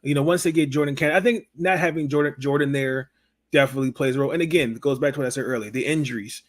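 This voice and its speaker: A man hosting a sports talk podcast, chatting over a video call. He talks hesitantly, repeating words and filling pauses with fillers. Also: mid-range voice. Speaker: podcast host. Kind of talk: casual interview chat.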